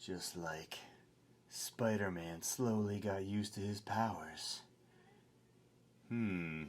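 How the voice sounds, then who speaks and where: A man's voice: low voice, slow. A man co-hosting a beer review show, talking in a laid-back, rambling way with plenty of fillers. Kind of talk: casual beer review chat.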